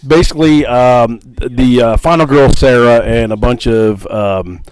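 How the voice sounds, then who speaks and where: A man talks casually through a movie plot on a podcast, filling gaps with ums and quick laughs. His voice sits at an ordinary pitch and sounds close and dry, with no room around it. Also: a little mellow, smooth, no room sound, low-quality recording. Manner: rambling, laughs often, many fillers. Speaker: podcast co-host. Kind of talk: casual movie review chat.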